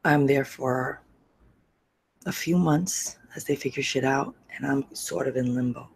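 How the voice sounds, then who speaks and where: A middle-aged woman hosting a podcast, telling a personal story candidly and emotionally, often sinking to a soft, breathy near-whisper. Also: extremely low pitch, a little slow, low-quality recording. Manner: repeats phrases for emphasis, swears freely. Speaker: podcast host.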